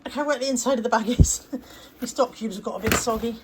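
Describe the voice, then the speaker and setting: A woman's voice: on the high side, quick pace, noisy background. A woman vlogging casually to her camera, with wry, self-deprecating storytelling. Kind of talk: casual chatty vlog.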